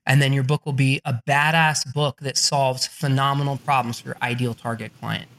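Dude on a podcast hyping people up, mid pitch, bright punchy voice, swears a lot. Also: male voice, flat delivery, normal speed. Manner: blunt, profane, pep-talk delivery. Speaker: podcast guest. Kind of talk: motivational talk.

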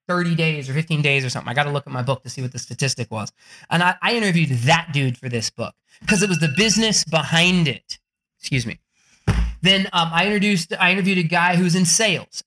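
With a voice on the high side and a little bright, a man coaches a group of authors on the business behind books. His storytelling is animated and profane: he swears freely and raises his voice to act out the people he quotes.

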